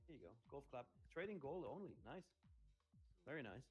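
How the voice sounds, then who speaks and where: An upbeat, playful man hosts a livestream in casual chat, reading viewer comments aloud and rallying the audience. His voice sits a bit higher than most men's, with faint music playing behind him. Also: very animated, a little fast, slightly rough.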